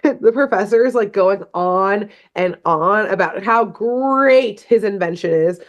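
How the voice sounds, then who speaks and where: Young woman on a podcast, chatty and animated, telling a cartoon's plot and acting out lines, normal pitch. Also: measured pace. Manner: animated storytelling with playful quoted voices. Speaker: podcast co-host. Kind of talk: casual chat recapping a cartoon.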